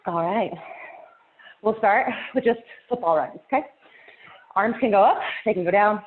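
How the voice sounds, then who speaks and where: A woman's voice: fairly high pitch, animated, moderate pace, pauses often. Breathless woman fitness instructor counting reps. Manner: encouraging, counts down reps, laughs between cues. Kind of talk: live workout class cueing. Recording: tinny phone-like audio.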